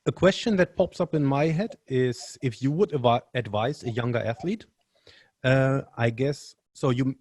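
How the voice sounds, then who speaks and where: A man hosting an interview, asking long questions in a halting way as he searches for words. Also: mid-range voice, darkish tone, no room sound, clean studio sound. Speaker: podcast host, interviewer.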